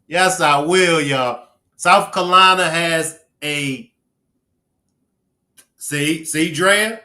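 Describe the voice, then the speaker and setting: A man's voice: a little high, drawn-out words, pauses often, sharp tone. A man with a Baltimore accent hosting a casual live stream, joking playfully with viewers and reading their names aloud. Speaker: livestream host. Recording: roomy echo.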